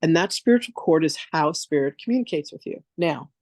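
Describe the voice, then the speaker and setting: A low-voiced woman talks briskly on a dry recording as she teaches a spiritual masterclass through stories. She keeps things lively, casual and frank, drops the odd swear word, and acts out quoted voices.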